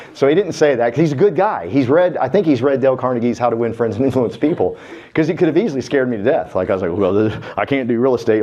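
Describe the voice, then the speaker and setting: A man's voice: mid-range voice, warm tone. A man giving a casual, folksy, self-deprecating business talk, telling jokey stories about himself. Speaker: real estate business speaker. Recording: dull lo-fi sound.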